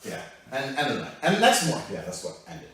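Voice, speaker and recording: A man tells a rowdy anecdote with lots of swearing. His pitch leaps up and down as he goes. He sounds far from the mic, in a very echoey room. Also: fast. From England. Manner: animated, profane storytelling that breaks into laughter. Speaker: guest telling a story. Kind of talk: casual anecdote.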